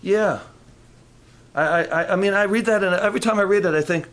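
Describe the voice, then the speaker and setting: A man's voice: high voice, brisk, a bit bright. A man preaching a conversational sermon with humorous asides and frequent restarts, rising into fervent emphasis.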